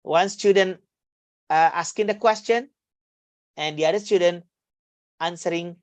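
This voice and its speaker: A woman with an Indonesian accent leads an online English class, her voice low and her delivery slow. She halts often, filling gaps with hesitations and restarts as she explains. The call audio is dry and close. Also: no room sound. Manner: slow, halting, many fillers and restarts. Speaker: English lecturer.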